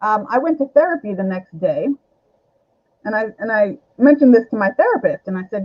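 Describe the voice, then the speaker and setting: A woman's voice: mid-range voice, expressive, a little fast, lo-fi sound. Candid woman telling a personal story. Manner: candid, rambling storyteller with many fillers. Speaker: guest. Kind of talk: personal story on a talk show.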